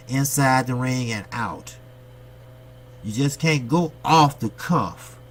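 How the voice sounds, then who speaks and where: A faint hum sits beneath this slow-paced, middle-pitched voice. An American man hosts a boxing channel, ranting bluntly and profanely straight to his viewers in an opinionated monologue, posing questions and answering them himself.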